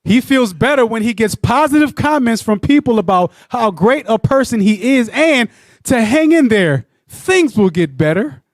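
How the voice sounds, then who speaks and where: High-pitched guy teaching a bible class, animated, keeps repeating himself, dry close mic. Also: moderate pace, no room sound. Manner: animated, repetitive, often asks "you know what I'm saying". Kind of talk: religious teaching discussion.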